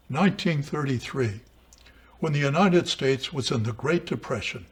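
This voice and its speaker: Slow, husky-voiced man teaching writing. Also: medium pitch. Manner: measured, deliberate, with dramatic emphasis on quotations. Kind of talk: slow read-aloud lesson on composition. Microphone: camera mic.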